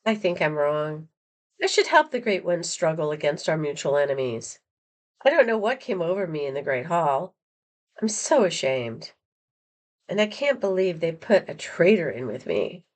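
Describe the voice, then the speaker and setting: A woman's voice: sits low, very animated, moderate pace. A woman reading aloud the part of a dazed, pleading female prisoner who is a spy, in an earnest storybook voice. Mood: indignant.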